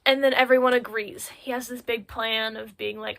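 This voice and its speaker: A woman's voice: a little high, lively intonation, normal speed, creaky, few pauses, bright, forceful tone. A teenage girl presenting a school project on a phone recording, retelling a story in a chatty, irreverent way full of filler words. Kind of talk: casual spoken recap in slangy storytelling.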